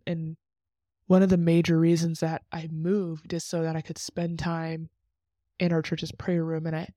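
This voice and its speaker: A woman's voice: fairly low pitch, warm tone, dry recording. A young woman hosting a faith podcast, sharing an unscripted personal reflection in an earnest, rambling way with frequent restarts.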